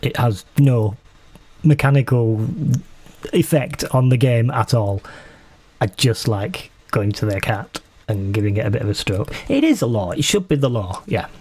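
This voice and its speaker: A man chatting away while he plays a shop game on stream. His voice sits in a middling range, and his talk is relaxed and rambling. He often mutters to himself and teases himself along the way. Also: mid-range voice, normal speed, husky. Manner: chatty, talks to himself, self-mocking. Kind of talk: casual gameplay commentary.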